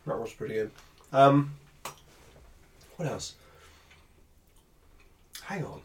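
Man, 30s, podcast co-host, animated storyteller, lively pitch, slightly off-mic. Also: takes it slowly, far from the mic, slight background noise. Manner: animated storyteller, laughs through anecdotes. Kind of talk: casual gaming podcast chat.

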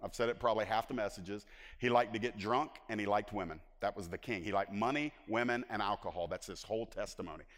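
A man preaching a sermon as pastor, swinging between loud emphatic lines and hushed asides. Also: lowish voice, quick pace, big-room sound.

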